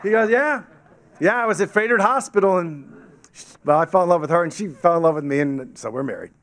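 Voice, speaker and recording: A man with a fast, somewhat high voice entertains a club audience in a meeting hall, telling a story from the podium microphone. He's lively throughout, giving each quoted person their own voice.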